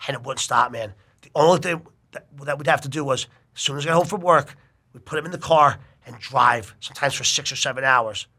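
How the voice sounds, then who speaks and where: A middle-aged man with a mid-range voice tells a long personal story in casual chat. He talks fairly quickly, stays animated throughout and swears constantly.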